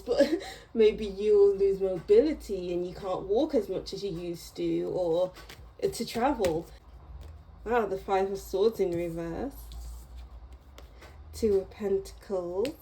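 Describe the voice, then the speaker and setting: A woman's voice: mid-range voice, warm tone, slight background noise, poor audio. A woman giving a casual tarot reading to camera, chatty and meandering, with small laughs as she goes. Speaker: tarot reader.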